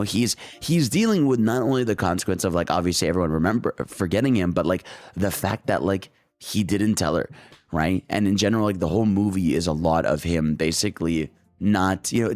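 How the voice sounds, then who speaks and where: Deep-voiced young man, excited rambling review. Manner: excited, rambling, heavy filler words and slang. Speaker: movie reviewer. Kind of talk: casual enthusiastic movie review.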